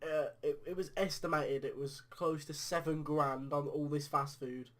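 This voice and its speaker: Teasing young British man, slightly high. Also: steady tone, moderate pace, fairly bright tone. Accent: British English. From United Kingdom. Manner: laughing, teasing, swears casually. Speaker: podcast co-host. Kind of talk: casual debate chat.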